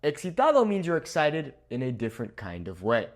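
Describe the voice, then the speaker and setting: Young male teacher, animated pitch, upbeat and joking, whiteboard lesson. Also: fairly quick. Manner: upbeat, playful, laughs at own jokes. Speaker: Spanish teacher. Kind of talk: video language lesson. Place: room with a whiteboard.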